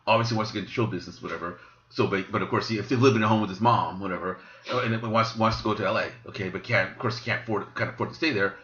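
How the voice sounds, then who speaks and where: Man, podcast co-host, quick talker, bright tense tone, lots of stammered restarts, dull lo-fi sound. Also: fairly low pitch, fairly even intonation, echoey room. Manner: halting, many repeated words and restarts. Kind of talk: casual chat.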